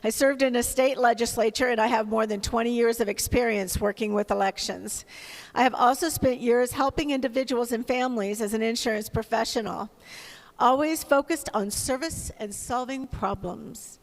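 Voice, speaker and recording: A middle-aged woman delivers a debate statement earnestly, a little choked up at times, with hesitant ums. Her voice is a bit higher than most, and long hall reverb hangs behind each line. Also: normal speed. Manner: earnest, a bit emotional, with um fillers. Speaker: debate candidate. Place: winery event space with audience. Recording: long hall reverb on a live event mic.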